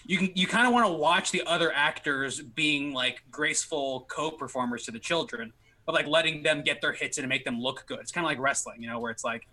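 A man's voice: on the high side, a little fast, bright, forceful tone. A man co-hosting a podcast, explaining things with enthusiasm in casual chat. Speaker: podcast co-host.

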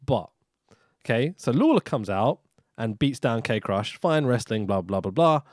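A man talking casually on a podcast, sarcastic and sweary, breaking into laughs. His pitch swings widely as he talks. The sound is dry and close. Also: sing-song, moderate pace, no echo. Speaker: podcast co-host. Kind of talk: casual chat.

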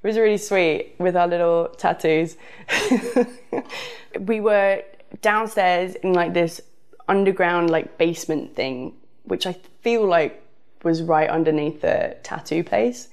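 A woman's voice: lowish voice, slow pace, darkish tone, smooth. A woman with a southern English accent telling a casual personal story, rambling with frequent fillers. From southern England.

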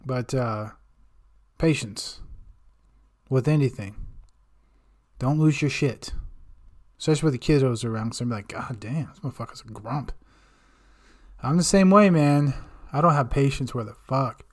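A male podcast host riffing in a loose, unscripted monologue. He rambles and jokes at his own expense, with swearing in nearly every sentence. His voice sits at a middle pitch for a man. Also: measured pace, long pauses. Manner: rambling, swears a lot, self-mocking. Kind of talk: casual profane monologue.

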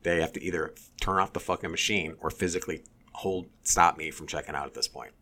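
A man telling a story in casual chat, animated and swearing, mimicking others in a high voice. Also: brisk.

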